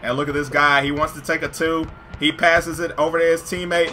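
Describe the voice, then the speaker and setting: A man commentating his own basketball video game with hype, jumping from loud shouts to low, joking asides. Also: level tone, fairly quick, hardly any pauses, faint music behind. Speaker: gaming YouTuber commentating his own play. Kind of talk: excited gameplay commentary.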